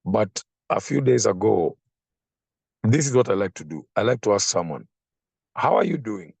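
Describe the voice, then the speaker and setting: A man preaching a sermon, slow and emphatic, repeating phrases for effect. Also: fairly low pitch, expressive, gravelly, darkish tone, breathy edge, no echo.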